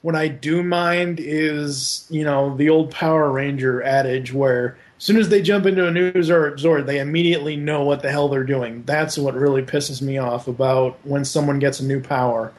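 A man hosting a casual podcast chat, rambling with halting restarts and drifting onto tangents. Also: a little high, steady tone. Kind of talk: casual podcast chat about an animated movie.

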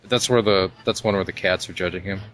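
A man co-hosting a podcast, explaining things in a relaxed, casual way. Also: low voice, fast, faint music behind. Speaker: podcast co-host. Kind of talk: casual chat.

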